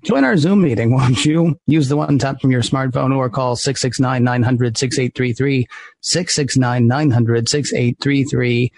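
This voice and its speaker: A man's voice: mid-range voice, normal speed, darkish tone, no room sound. A man co-hosting a live podcast, jokey and upbeat like an announcer. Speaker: podcast co-host.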